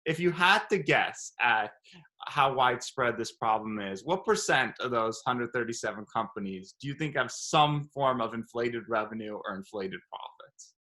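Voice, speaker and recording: A man hosting an interview, asking measured, precise questions. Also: medium pitch, animated, sharp tone. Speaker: host.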